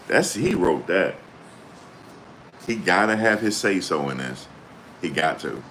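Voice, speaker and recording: A male channel host reads court updates aloud and reacts in an animated, blunt, slangy way, swearing freely. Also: extremely low pitch, normal speed, slight background noise. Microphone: desktop USB microphone.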